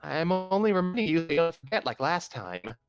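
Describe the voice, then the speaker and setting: A man's voice: fairly high pitch, sing-song, brisk, clean tone, no room sound, highs cut off, faint music behind, pitched above the performer's own voice. A man voicing a bossy, huffy young girl in a read-aloud story, nagging and scolding.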